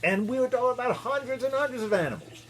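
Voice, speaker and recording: Animated minister telling a kids' story. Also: male voice, very high voice, fast talker. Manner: animated, playful, asks kids questions, makes animal noises. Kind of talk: storytelling for children.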